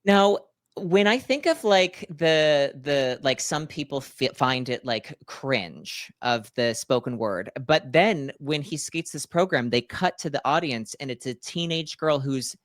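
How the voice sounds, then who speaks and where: A man in his thirties co-hosting a podcast, telling stories in an animated, playful way with acted-out asides. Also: fairly high pitch, a little slow, few pauses, no echo, studio quality. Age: 30s. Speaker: podcast co-host. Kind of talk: casual chat.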